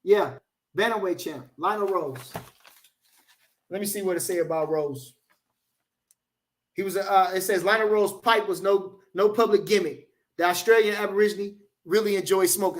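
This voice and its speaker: High-voiced chatty boxing streamer. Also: male voice, brisk. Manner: loose, repetitive, slangy, repeats phrases for emphasis. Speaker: boxing livestream host. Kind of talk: casual livestream chat reading comments.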